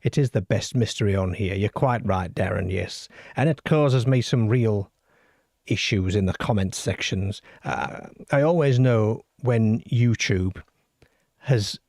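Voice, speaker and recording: A middle-aged or older man hosts a late-night show about the unexplained, reading letters aloud and joking with his listeners. His voice is low and gravelly, and the sound is dry and close to the mic. He is wry and self-deprecating. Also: a little slow, darkish tone, no echo. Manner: wry, self-deprecating, chatty with the live chat. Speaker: host of a late-night call-in paranormal show. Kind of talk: live-stream chat and reading out listener stories.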